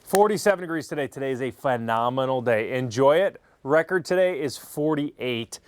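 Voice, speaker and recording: A man's voice: medium pitch, animated, clean tone, no room sound. Male TV weatherman, chatty and upbeat, mid-range voice, dry sound. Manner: chatty, upbeat, quick bursts. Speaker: meteorologist. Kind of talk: TV weather forecast.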